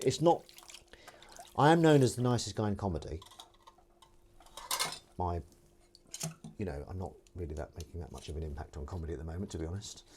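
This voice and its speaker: A man's voice: lowish voice, warm tone, a little hiss or hum. A man, a comedian chatting casually on a live stream while washing up, rambling and self-deprecating as he reads out viewers' comments.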